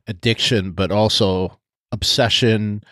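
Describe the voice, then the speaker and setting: A man's voice: fairly low pitch, steady tone, slow, fairly bright tone, no echo, clean studio sound. A man co-hosting a podcast, chatting casually, laughing often and trailing off with fillers. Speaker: podcast co-host.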